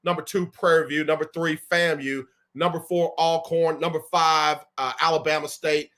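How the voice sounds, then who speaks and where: A man hosting a casual sports talk show, running through college football rankings in an animated, conversational way with slang asides. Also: on the high side, moderate pace. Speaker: show host.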